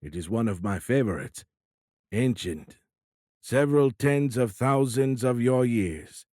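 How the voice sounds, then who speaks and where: A narrator voicing a formal, courteous alien admiral who speaks in a stiff, deliberate and measured way. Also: male voice, mid-range voice, lively intonation, dark tone, no echo, studio quality, close to an everyday voice.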